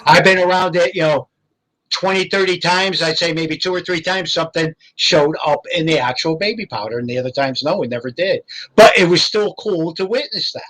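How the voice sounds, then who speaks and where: A man's voice: on the high side, a little fast, fairly bright tone, rough recording. An older man from Connecticut, a guest paranormal investigator, chatting casually in an interview and telling rambling anecdotes full of fillers. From Connecticut, USA.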